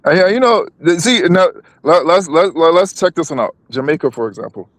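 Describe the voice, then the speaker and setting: A man's voice: fairly high pitch, expressive, a little fast, dry recording. A man co-hosting a live stream, talking politics casually, with many restarts and repeated words.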